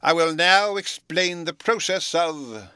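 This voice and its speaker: A man reading a storybook aloud, voicing a fussy, absent-minded old male professor who lectures in a slow, pompous way. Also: on the high side, pushed and bright, clear, resonant tone, no room sound, clean studio sound, voice pushed up. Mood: pompous lecturing.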